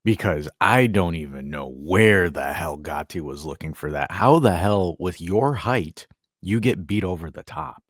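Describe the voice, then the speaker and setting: A man hosting a casual sports podcast, animated and sarcastic, rambling with lots of "like". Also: low voice, unhurried, husky, no room sound, clean studio sound. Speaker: podcast host.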